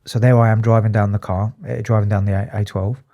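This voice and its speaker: A man, a psychotherapist, talking candidly and emotionally in an interview, halting and restarting often. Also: fairly low pitch, level tone, dull audio. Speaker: psychotherapist and addiction specialist, guest.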